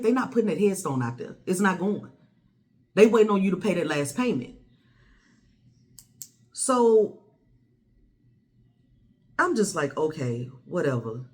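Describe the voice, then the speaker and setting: A woman, telling a personal story to the camera in a blunt, animated way with plenty of swearing. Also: mid-range voice. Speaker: vlogger. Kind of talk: casual storytelling.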